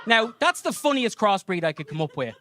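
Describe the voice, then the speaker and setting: A man's voice: sits high, brisk, slight background noise. A man doing a crude stand-up comedy set on a club stage, acting out voices. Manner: crude, animated, acts out voices.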